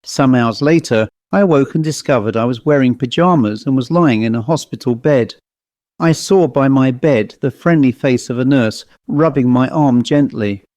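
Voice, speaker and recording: A man's voice: medium pitch, normal speed, a little mellow, dry recording. Man narrating a ghost story. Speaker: audiobook narrator. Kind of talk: scripted first-person narration.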